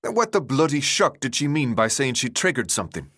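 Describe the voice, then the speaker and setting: Audiobook role: a man playing a weary teenage boy, urgent and pleading, lively pitch. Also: fairly quick.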